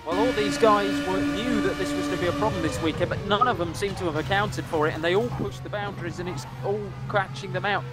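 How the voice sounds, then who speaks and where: A man giving live race commentary, brisk and excitable, his voice jumping up at crashes. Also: high-pitched, loud music behind the voice. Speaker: sim racing commentator.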